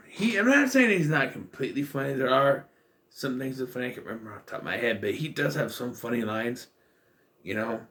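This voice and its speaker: Male film vlogger, mid-pitched, casual and rambling, dry sarcastic asides. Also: lively intonation, brisk, a bit bright. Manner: rambling, with many fillers and restarts; wry, sarcastic. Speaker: movie reviewer. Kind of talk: casual spoken film review.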